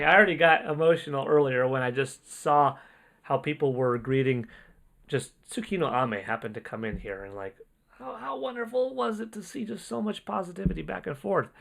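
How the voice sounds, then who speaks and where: A man hosting a casual livestream, reading out donations in an excitable, rambling way and often exclaiming. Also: a little high, normal speed, vocal fry. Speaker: livestream host.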